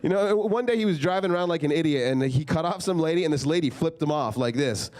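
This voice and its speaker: Talking fast in an expressive, somewhat high and slightly mellow voice, a young man runs through a stand-up routine at a comedy club. His stories ramble casually, heavy on filler, with "like" popping up again and again.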